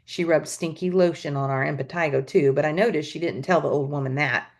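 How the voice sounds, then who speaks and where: A woman teacher reading a novel aloud to students with expressive storytelling. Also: deep voice, a little fast. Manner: expressive storytelling, adds asides.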